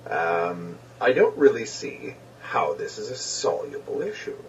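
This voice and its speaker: A man's voice: lowish voice, very animated, measured pace, a little hiss or hum. Hesitant man on a muffled distant clip. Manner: hesitant and questioning, with many ums. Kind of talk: musing discussion. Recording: muffled distant recording played back.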